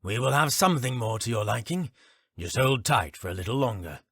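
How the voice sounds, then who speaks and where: A composed captain who keeps himself in check, voiced by a man, polite and measured, his pitch moving freely. The read is close and dry with no room. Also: expressive, a bit bright, breathy edge, dry recording. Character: composed male captain, guarded and earnest.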